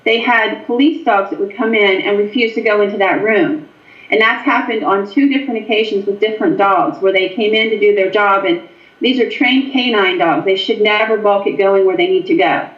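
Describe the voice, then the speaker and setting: A woman from Pennsylvania, a paranormal investigator, telling stories as an interview guest in an animated way with frequent ums. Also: mid-range voice, moderate pace. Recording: echoey, dull lo-fi sound.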